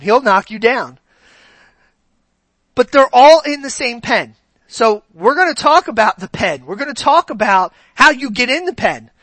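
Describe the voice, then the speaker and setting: Guy preaching, high bright voice, keeps asking the crowd stuff, dry close sound. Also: dry recording. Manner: conversational, asks the congregation questions. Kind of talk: sermon.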